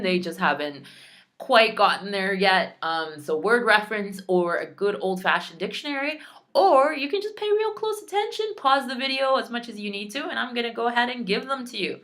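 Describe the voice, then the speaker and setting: A woman teaching a recorded Spanish lesson, sounding out each word slowly and clearly, with chatty, self-teasing asides. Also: medium pitch, pushed and bright. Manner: clear, drawn-out pronunciation drills.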